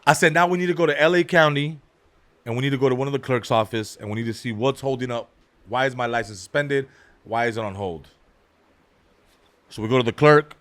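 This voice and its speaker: A man's voice: brisk, long pauses, a bit bright. A man hosting a comedy podcast, telling a story with street slang and acting out every person in it with big swings in volume. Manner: acts out every character with big jumps in pitch and volume; street slang, calls people "dog" and "bro".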